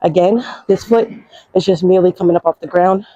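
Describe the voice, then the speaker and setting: A woman's voice: fairly low pitch, fairly quick, dark tone, no echo, muffled recording. A young woman casually explaining her workout routine while exercising, chatty and out of breath. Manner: chatty, coaching, slangy. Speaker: fitness vlogger.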